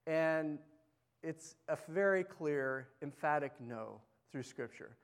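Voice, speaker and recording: Man preaching, sermon, higher voice, slow and deliberate, conversational, loud then hushed. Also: animated. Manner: conversational, asks the congregation questions. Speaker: pastor.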